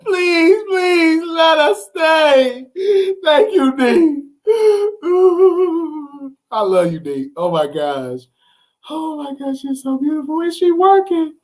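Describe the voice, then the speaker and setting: A man hosting a casual live stream, excitable and chatty, breaking into shrieks and repeated exclamations as he talks to viewers. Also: very high voice, slow pace. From Texas. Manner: chatty, addresses viewers directly.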